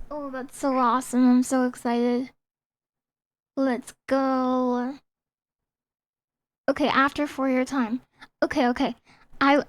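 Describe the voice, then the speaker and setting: High-voiced excitable woman streamer. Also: no echo. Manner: excitable, reads chat aloud and apologizes often. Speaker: game streamer. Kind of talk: casual live-stream chat. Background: faint game music.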